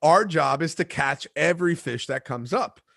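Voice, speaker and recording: Animated man telling fishing stories. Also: a little high, normal speed, vocal fry, no echo, clean studio sound. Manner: animated storyteller, acts out shouts and quotes. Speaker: podcast host and fishing captain. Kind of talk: casual chat, storytelling.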